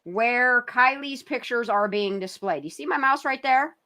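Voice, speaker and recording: A woman hosts a loose true-crime commentary, narrating over a video with blunt, sarcastic remarks. Her voice sits a little high and rings bright and forward. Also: a little slow. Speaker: channel host.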